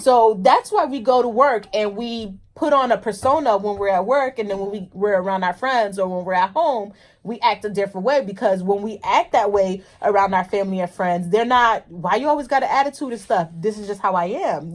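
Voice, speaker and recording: Animated woman in casual chat. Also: mid-range voice, brisk, hardly any pauses. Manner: animated, acts out workplace exchanges in quoted voices. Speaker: co-host.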